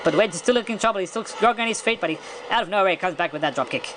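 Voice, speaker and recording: An amateur commentator calls a video game wrestling match with boyish excitement. He stumbles and restarts his sentences and chuckles, and his voice shoots up at every big move. There is steady noise under his home recording. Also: high voice, rapid-fire. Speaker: play-by-play commentator.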